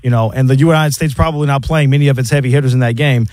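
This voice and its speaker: A man co-hosting a sports talk radio show, talking briskly and conversationally. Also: mid-range voice, steady tone, a little mellow, no echo. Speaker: radio co-host.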